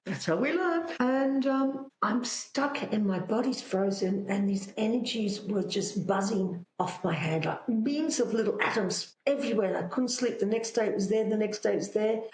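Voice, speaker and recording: A woman's voice: medium pitch, normal speed, hardly any pauses, echoey room, slight background noise, low-quality recording. A woman, a psychic guest telling stories animatedly in conversation. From Australia. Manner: animated, tells stories with spoken-out dialogue. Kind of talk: anecdotal storytelling in conversation.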